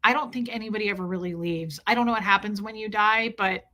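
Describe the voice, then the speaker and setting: A woman's voice: medium pitch, fast talker, pushed and bright. A middle-aged woman hosting a livestream, talking candidly and with emotion while answering her chat. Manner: emotional, candid, talks straight to chat viewers. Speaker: livestream host reading chat.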